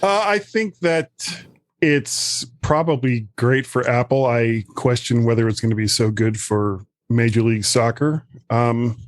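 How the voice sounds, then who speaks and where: A man's voice: medium pitch, a little slow, no echo. Thoughtful man guesting on a podcast. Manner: thoughtful, hedging, many fillers. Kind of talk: casual podcast chat.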